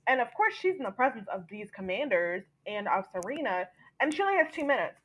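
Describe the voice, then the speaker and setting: Slightly rough and a little fast, this mid-range woman's voice comes through a low-quality recording. Hosting a podcast, she lively retells a TV episode and performs the characters' quotes.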